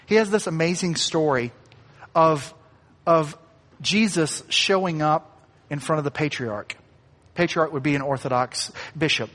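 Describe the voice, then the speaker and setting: A pastor preaching a sermon in a conversational way, acting out quoted lines and adding light asides. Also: male voice, a little high, fairly bright tone, long reverb tail.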